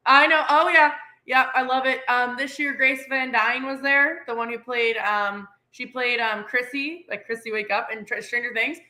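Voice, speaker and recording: Excitable Canadian woman, co-host; bright, tense delivery, acts out quotes. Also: a little high, normal speed, few pauses. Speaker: podcast co-host. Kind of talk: casual chat.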